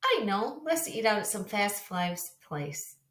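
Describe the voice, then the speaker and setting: A woman voicing a clumsy, excitable young boy frog, squeaky and eager, in a storybook read-aloud. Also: slow pace. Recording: roomy echo.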